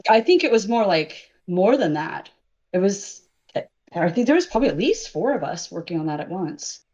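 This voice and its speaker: A woman's voice: medium pitch, big pitch swings, normal speed, darkish tone. Hesitant woman, slightly muffled. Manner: hesitant, many "um"s and restarts. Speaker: makeup and effects artist guest. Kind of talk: casual interview chat.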